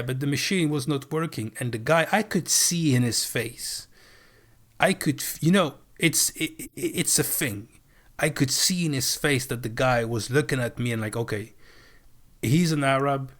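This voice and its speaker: Male streamer, middle pitch, animated and profane storyteller. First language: French. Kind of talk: casual storytelling. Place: live stream.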